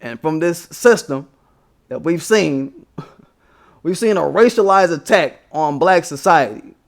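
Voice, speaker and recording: A man's voice: on the high side, expressive, slow pace, gravelly. A young man from the United States, hosting a livestream, ranting about politics in a profane, emphatic way with scornful laughs. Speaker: livestream host. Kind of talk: casual political rant.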